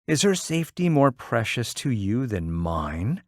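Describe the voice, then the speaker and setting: A man's voice: mid-range voice, sing-song, unhurried, no echo, studio quality. A man reading aloud, voicing an anxious middle-aged mother who complains and reproaches. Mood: fretful. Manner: querulous, reproachful.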